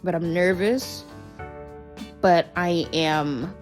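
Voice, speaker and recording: A woman in her twenties telling stories to her vlog audience in an animated, chatty way, peppering her talk with "like" and "right?". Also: lowish voice, drawn-out words, soft background music. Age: 20s. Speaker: vlogger. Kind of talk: casual storytelling vlog.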